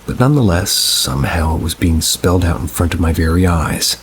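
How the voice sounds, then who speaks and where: A man reading first-person paranormal stories aloud in a measured, unhurried storytelling manner. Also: sits low, expressive, background noise. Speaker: narrator.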